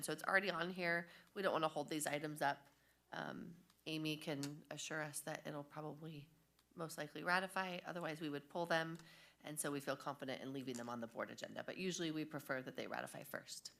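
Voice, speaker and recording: A woman with a somewhat low voice explains agenda corrections to a school board. She talks in a relaxed, conversational way and slows down carefully over each item number. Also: vocal fry. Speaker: district staff member reporting agenda changes. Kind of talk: explaining agenda items at a meeting.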